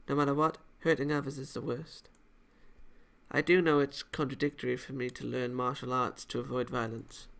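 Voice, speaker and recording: A man voicing an earnest young woman karate student in a visual novel, speaking in a soft girlish register. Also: on the high side, vocal fry.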